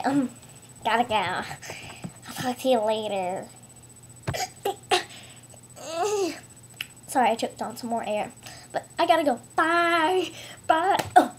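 Woman, silly improvised comic skit, giggly and rambling, high unhurried delivery. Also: darkish tone, slightly rough. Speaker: comedy video maker.

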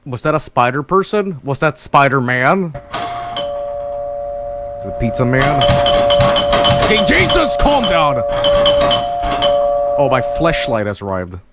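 Lively, mocking man reacting to games. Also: mid-range voice, unhurried, pauses often, over loud music. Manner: profane, laughing, mocking reactions. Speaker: streamer. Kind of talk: let's play commentary.

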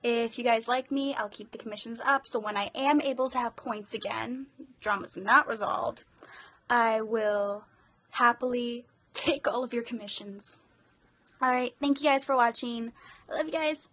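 Chatty Irish woman with a slightly high voice. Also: steady tone, normal speed, fairly bright tone. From Ireland. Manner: chatty and self-deprecating. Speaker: hobby voice actor. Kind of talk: casual voice-acting vlog.

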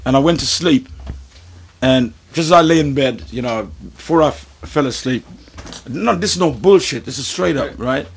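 A man in an interview telling a story in a casual, animated way, with stammering restarts, frequent swearing and laughter. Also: medium pitch, moderate pace, vocal fry, slight background noise. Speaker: musician interview guest.

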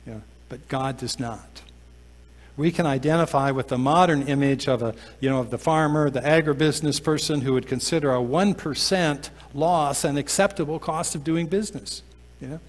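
A pastor preaching a sermon, often slowing down and dropping to a soft, low voice to stress a point. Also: male voice. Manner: slows down and drops to a soft, low voice for emphasis. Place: church sanctuary. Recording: long church reverb.

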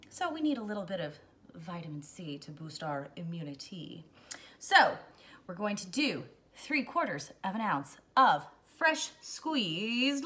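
A woman's voice: fairly high pitch, fairly bright tone. A woman hosting a casual cocktail how-to, chatty and jokey, wandering into playful asides as she mixes. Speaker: home bartender host.

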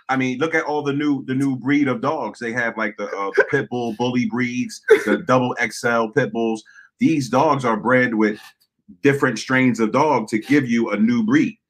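A man's voice: medium pitch, moderate pace. A man co-hosting in casual chat, agreeable and backing up the host.

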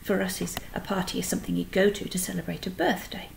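A woman reading a children's book aloud, pausing to explain words to young listeners. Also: fairly low pitch, flat delivery, gravelly, slight background noise, low-quality recording. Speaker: storyteller.

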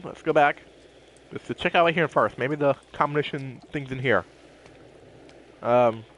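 A man's voice: fairly high pitch, a bit bright, a little hiss or hum. A man giving casual let's-play commentary, playful and jokey, talking to himself as he explores. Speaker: gameplay commentator.

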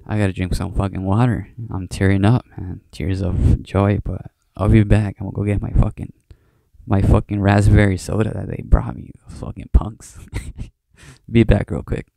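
A young man with a low, gravelly voice rambles through a late-night solo podcast. He swears freely and keeps circling back with "you know." His mellow, fairly flat delivery sounds close and dry. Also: normal speed, dry recording. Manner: rambling, heavy swearing, many fillers. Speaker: podcast host. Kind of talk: casual solo monologue.

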